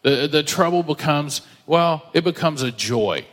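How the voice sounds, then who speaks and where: A man's voice: a little high, lively intonation, a little slow, fairly bright tone, in a large hall. A married man with children preaching a sermon, reading scripture aloud and acting out the voices of the people he quotes. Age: adult, married with children. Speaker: pastor.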